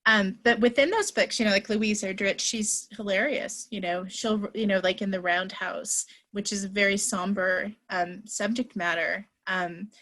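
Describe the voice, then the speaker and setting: A woman's voice: medium pitch, fairly even intonation, moderate pace, few pauses, a bit bright. A woman on a book festival panel, answering thoughtfully about literature with frequent fillers. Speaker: panelist, writer.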